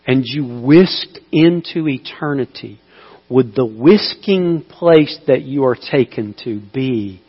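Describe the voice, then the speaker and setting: A male preacher of middling pitch delivers his sermon, swinging from slow, hushed appeals to loud, pleading cries. The sound is dull, with a long hall reverb trailing behind him. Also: slightly rough.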